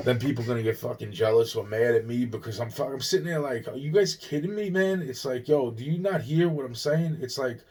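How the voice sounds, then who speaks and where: A man's voice: mid-range voice, fairly quick, hardly any pauses, a little mellow, slightly rough. Agitated, cursing man from Long Island. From Long Island, New York. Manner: agitated, profane, repeats himself, restarts. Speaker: vlogger. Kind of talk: rambling personal monologue.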